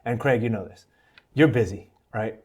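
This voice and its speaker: A man's voice: medium pitch, moderate pace, breathy edge. An American man, a podcast guest, telling his testimony in a casual, earnest way and acting out the voices of people he quotes. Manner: earnest, animated storytelling with quoted dialogue.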